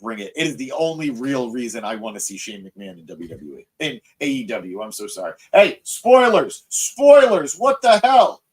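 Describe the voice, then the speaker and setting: A young man hosting a live wrestling review podcast. He reads out viewer comments and answers them in a joking, excitable, self-mocking way, with frequent fillers. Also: lowish voice, fairly quick, few pauses. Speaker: podcast host.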